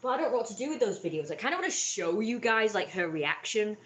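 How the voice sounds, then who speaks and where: With a mid-range voice, big pitch swings and a quick pace, a young woman speaks in an echoey room. Hosting a livestream via webcam or phone, she rambles upsetly about a family conflict, restarting many times.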